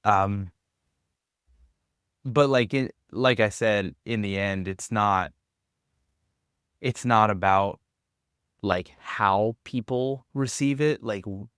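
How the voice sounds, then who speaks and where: A young American man from Tennessee, guesting on a podcast, rambles casually in a backpacker hostel, mocking himself and laughing often. His voice is fairly low, slow, and smooth with a bit of brightness, and he pauses often. The recording is dry and studio quality.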